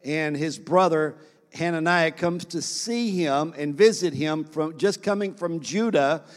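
A man with a high voice preaches a sermon from the pulpit. He works the congregation with repeated phrases and questions, and his voice rings with the long reverb of a large hall. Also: unhurried. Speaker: pastor.

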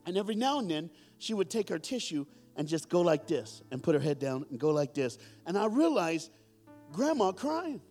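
A man's voice: high-pitched, normal speed, soft background music. A middle-aged man preaching a storytelling sermon to a live congregation, joking and calling out to the audience. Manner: animated, joking, calls out to the audience. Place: church hall with audience.

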